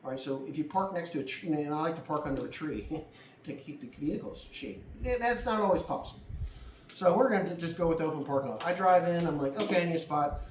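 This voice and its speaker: Swearing freely and bluntly, a middle-aged man walks through a driving demonstration, offering casual advice and imitating other drivers. He speaks fast in a fairly high, expressive voice, recorded from a distance in an echoey room with slight background noise.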